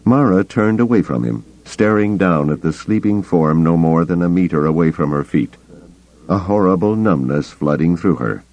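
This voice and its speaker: A man narrating an audiobook in a slow, deliberate reading. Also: deep voice, lively intonation, darkish tone. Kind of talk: scripted narration. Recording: dull lo-fi cassette tape.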